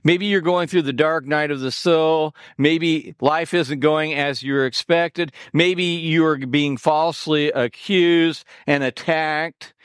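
A male pastor preaches slowly and deliberately, his animated delivery rising and falling with sarcastic asides. His voice sits on the high side, clear and resonant. The recording is close and dry, without any room echo.

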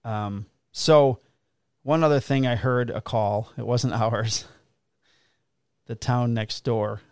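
A male police officer tells work stories in casual chat, full of swearing and flat blunt remarks. His voice has a gravelly rasp. The sound is dry and close, with no room around it. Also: medium pitch, takes it slowly, dry recording. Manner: profane, blunt, laughs at his own stories.

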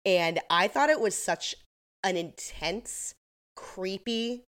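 A woman's voice: medium pitch, lively intonation, slow, fairly bright tone. A woman co-hosting a podcast, casually recapping a TV episode with lots of fillers and the odd laugh. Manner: chatty, filler-heavy retelling with laughs. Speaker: podcast co-host.

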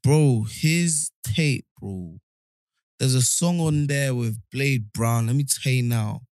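A man's voice: medium pitch, a little mellow, dry recording, clean studio sound. A young man chatting casually on a podcast, blunt and full of slang. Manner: blunt, slangy, quick opinions. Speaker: podcast co-host. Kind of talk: casual chat.

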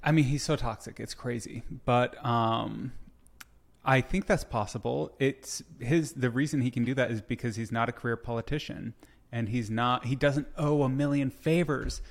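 A man's voice: mid-range voice, moderate pace, vocal fry. A man co-hosting a casual podcast conversation, thinking aloud and laying out his theories in a reflective way. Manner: reflective, theorizing, frequent short agreements. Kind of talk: casual political chat.

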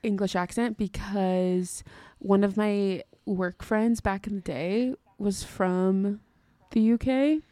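Young american woman chatting on a podcast, laughs a lot, warm low-key tone. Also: steady tone, slow, no echo. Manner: giggly, chatty, self-deprecating. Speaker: podcast co-host. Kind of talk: casual chat.

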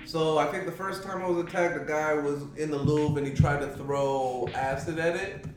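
A man's voice: fairly high pitch, normal speed, faint music behind. A man in a casual podcast chat, arguing his points and telling stories with plenty of swearing. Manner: argumentative storyteller, profane. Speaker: podcast co-host. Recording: very echoey room from far off.

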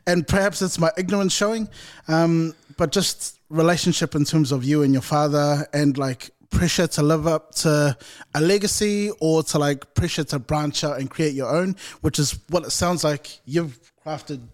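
Hesitant, polite man with a higher voice. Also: normal speed. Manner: hesitant, polite, many fillers. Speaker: podcast co-host. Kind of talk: casual podcast conversation.

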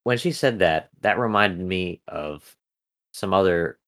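A man's voice: sits low, expressive, measured pace, a bit bright. A man co-hosting a podcast, reviewing a TV episode in a rambling casual chat full of fillers and restarts. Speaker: podcast co-host.

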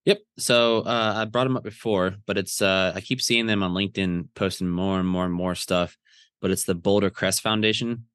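A man's voice: low-pitched, steady tone, moderate pace, fairly bright tone, clean tone, no room sound, studio quality. A man co-hosting a podcast, talking in an easygoing way with frequent hesitations. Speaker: podcast co-host. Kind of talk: casual podcast chat.

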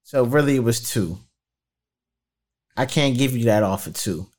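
A man co-hosting a relaxed sports talk show. He talks in a loose, colloquial way and acts out quotes from other people as he goes. His voice sits in an ordinary middle pitch. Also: a little slow. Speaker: podcast co-host. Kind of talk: casual sports chat.

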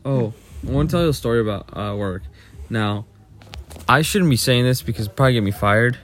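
A man's voice: mid-range voice, lively intonation, fairly quick, a bit bright, slight background noise. A young man co-hosting a podcast, casually telling a long, profane story about work. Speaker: podcast co-host. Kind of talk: casual chat.

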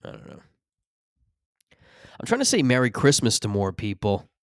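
In his thirties, this male podcast host launches into a rambling, profane comic rant, interrupting himself as he goes. His mid-range voice swoops wildly in pitch at a moderate pace, recorded in a studio with no room sound.

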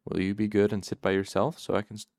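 A man voicing a gentle, patient male caretaker of sick children, speaking in a soft, soothing murmur. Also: on the low side, completely flat delivery, fast talker, creaky, no echo, clean studio sound.

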